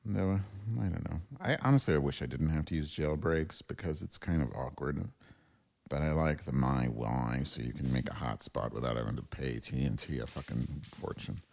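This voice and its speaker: A man with a very low, dark, mellow voice rambles through a solo podcast from home. He swears freely and mocks himself, jumping from one gripe to the next. The sound is close and direct from a clip-on wireless mic. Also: normal speed, gravelly. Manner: profane, self-deprecating, rambling. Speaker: podcast host. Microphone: wireless lavalier transmitter.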